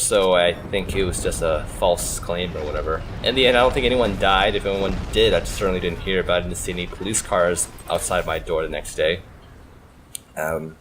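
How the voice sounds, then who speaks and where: A man, a gaming channel host, telling a story in a chatty, animated way, full of "like" and "uh". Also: low-pitched, background noise. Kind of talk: casual storytelling over gameplay. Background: faint background music.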